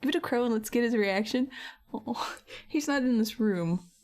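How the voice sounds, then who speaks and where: A woman's voice: on the high side, normal speed, a little mellow. A young woman chatting casually with her viewers while painting, giggly and talking to them by name. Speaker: streamer.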